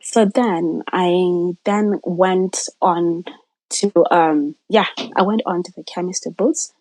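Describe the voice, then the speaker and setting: Woman, story guest, low husky voice, dry close sound. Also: slow pace, no echo, poor audio. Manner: animated retelling, acting out quoted voices, drops to near-whispers. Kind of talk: personal storytelling.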